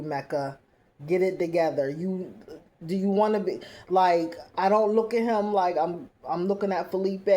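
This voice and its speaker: A woman recapping a reality show in a casual, opinionated, animated way. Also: on the low side. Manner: chatty, opinionated, animated storytelling with playful asides.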